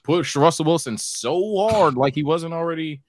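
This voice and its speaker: A man co-hosting a podcast, talking sports in an excitable, profane way. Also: moderate pace, dry recording, studio quality. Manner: excitable, profane, jumps up in pitch. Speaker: podcast co-host. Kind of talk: casual sports chat.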